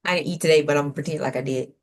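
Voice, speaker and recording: A woman co-hosting a panel talk show, her voice sitting a touch low. She argues by sarcasm and rhetorical questions, posing as just asking. Now and then she lets out a playful whoop. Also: steady tone, rapid-fire. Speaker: co-host of a civic talk show. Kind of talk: opinionated panel commentary.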